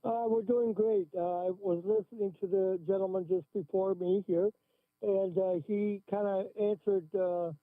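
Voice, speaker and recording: A man with a high voice calls in over a thin, tinny phone line. He speaks plainly and hesitantly, filling his sentences with frequent pauses. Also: fairly even intonation, no echo. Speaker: caller. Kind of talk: casual call-in radio chat.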